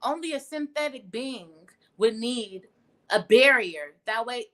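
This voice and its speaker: A woman's voice: fairly high pitch, expressive, unhurried, pushed and bright. A young woman giving a casual tarot reading on a livestream, blunt and profane as she talks. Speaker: tarot reader. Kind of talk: casual spiritual livestream talk.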